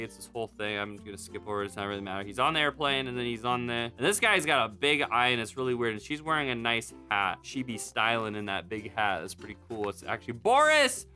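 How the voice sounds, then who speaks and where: A young man hosting a comedic commentary video, recapping things with sarcastic, deadpan asides. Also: medium pitch.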